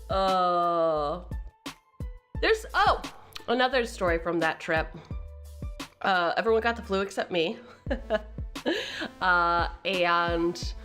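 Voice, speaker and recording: A woman's voice: fairly low pitch, fairly bright tone. A young woman streamer casually telling family anecdotes, chatty and laughing often between lines. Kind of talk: casual storytelling during a live stream.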